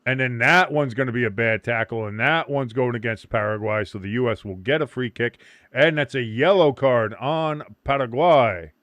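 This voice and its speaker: A man's voice: medium pitch, normal speed, hardly any pauses, a bit bright, no room sound, lo-fi sound. Profane, joking man calling a game. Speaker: watch-along host. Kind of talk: casual live game commentary.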